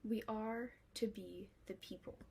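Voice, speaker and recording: A woman performing spoken word poetry with a rhythmic, soft and breathy delivery. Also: medium pitch, fairly even intonation, measured pace, a little hiss or hum.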